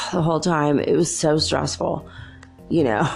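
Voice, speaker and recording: A woman's voice: deep voice, takes it slowly, gravelly, faint music behind. A woman hosting a podcast, chatting through a rambling, casual story and laughing often. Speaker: podcast host.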